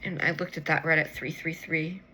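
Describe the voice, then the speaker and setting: A woman's voice: deep voice, steady tone, normal speed, very noisy. A tired woman rambling to herself late at night as she pulls tarot cards, swearing freely and yawning. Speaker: tarot reader.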